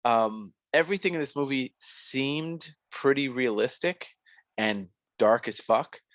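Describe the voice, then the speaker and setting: A man's voice: mid-range voice, unhurried, fairly bright tone, dry recording. A young man co-hosting a podcast, reviewing a film in a rambling, casual way full of fillers and restarts. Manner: rambling, filler-heavy, self-correcting. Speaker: podcast co-host.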